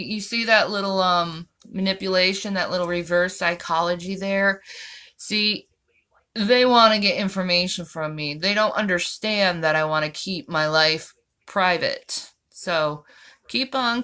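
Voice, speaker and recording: A woman's voice: mid-range voice, a bit bright. A woman hosting her own channel, answering viewer comments in a sarcastic, mocking tone. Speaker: channel host. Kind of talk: vlog reacting to viewer comments.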